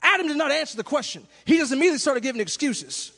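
A male preacher delivering a sermon, swinging from shouted cries to hushed questions in a half-sung preaching cadence. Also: very high voice, expressive, racing. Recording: long hall reverb.

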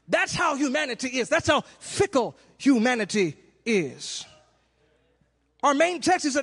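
A man preaching a sermon, animated, acting out little scenes and shouting for emphasis. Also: very high-pitched, a little slow, gravelly, husky. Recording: long hall reverb.

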